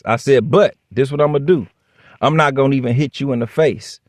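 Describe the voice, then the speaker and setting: A man's voice: medium pitch, quick pace, no room sound, clean studio sound. A man casually telling a workplace story straight to the camera, blunt and profane, acting out both sides of the dialogue. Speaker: vlogger.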